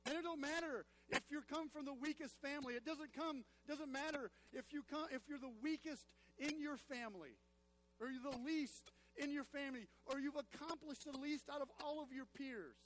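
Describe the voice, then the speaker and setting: A man with a notably high-pitched voice preaches to his congregation in a church, leaning on phrases and repeating them for emphasis. A faint hum sits under the recording. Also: moderate pace. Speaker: pastor. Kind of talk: sermon.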